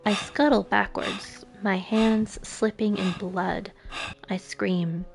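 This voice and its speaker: Woman, visual novel read-through, slow delivery, gravelly fry, emotive, soft breathy asides. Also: mid-range voice, fairly even intonation, soft background music. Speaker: streamer. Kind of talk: reading a visual novel aloud.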